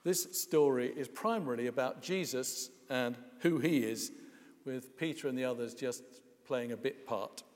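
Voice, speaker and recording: A man's voice: medium pitch, moderate pace, darkish tone, in a large hall. A man preaching a sermon in a wry, conversational way, with frequent hesitations and asides.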